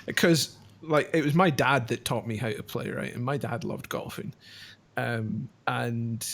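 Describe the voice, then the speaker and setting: A man's voice: medium pitch, steady tone, measured pace, creaky, a bit bright. A man from the UK co-hosting a podcast, telling stories in a laughing, self-deprecating way. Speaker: podcast co-host. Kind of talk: casual storytelling chat.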